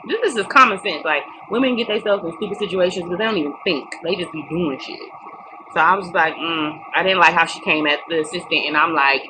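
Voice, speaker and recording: Brief: young woman, lower-pitched, blunt and cussing vlogger, recording with steady noise behind. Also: quick pace. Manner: blunt, profane, emphatic. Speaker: reality TV recap vlogger. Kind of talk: casual opinionated recap. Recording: noticeable background noise.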